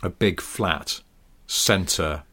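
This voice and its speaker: A man co-hosting a podcast, telling a rambling story with a relaxed, laid-back manner, swearing and laughing now and then. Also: low voice, very slow, husky. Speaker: podcast co-host. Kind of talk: casual chat.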